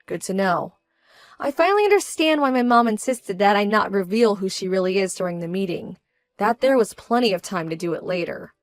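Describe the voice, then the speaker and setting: A woman voicing a young bride-to-be who sounds indignant, measured and cold. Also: mid-range voice, lively intonation, no echo, studio quality, soft background music, close to an everyday voice. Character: young bride-to-be, hurt and proud, quietly fierce. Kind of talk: scripted story drama.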